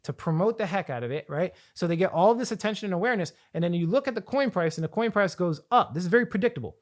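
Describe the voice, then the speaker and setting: A man coaching viewers on finance in an energetic, rambling talk to camera, often repeating and restarting his phrases. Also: high-pitched, fast talker. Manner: energetic, rambling, hype-building. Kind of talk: hyped talk to camera with slides.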